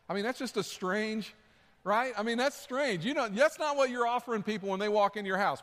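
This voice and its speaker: A man's voice: sits high, fairly quick, a bit bright. Conversational male pastor in a reverberant hall. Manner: conversational, repeats key points for emphasis. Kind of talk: sermon.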